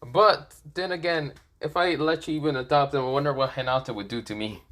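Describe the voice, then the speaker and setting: A man's voice: fairly quick, fairly bright tone, lightly acted. A man voicing a frustrated grown male ninja leader who whines in a raised voice. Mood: exasperated. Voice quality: high, whining complaints.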